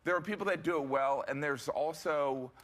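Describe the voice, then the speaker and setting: A middle-aged man, a comedian guest on a talk show, joking in a deadpan, self-deprecating way. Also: fairly high pitch, normal speed.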